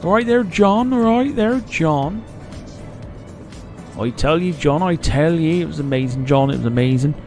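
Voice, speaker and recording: A man putting on the voice of a rowdy, crude rural West Country man who rambles loudly at someone called John. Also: fairly high pitch, moderate pace, faint music behind, pitched above the performer's own voice, close to an everyday voice. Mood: boisterous. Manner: loud rambling yokel banter addressed to John.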